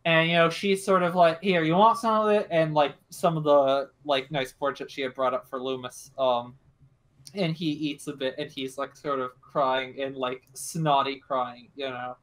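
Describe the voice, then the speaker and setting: A woman's voice: very deep voice, fairly even intonation, unhurried. A young woman narrating a tabletop game as game master, casual and hesitant with many fillers.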